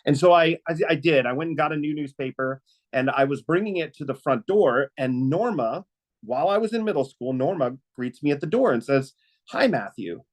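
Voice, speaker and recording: On a webinar, a man recounts a personal story earnestly, halting often with fillers and restarts. His voice is slightly high and expressive, and the audio quality is poor.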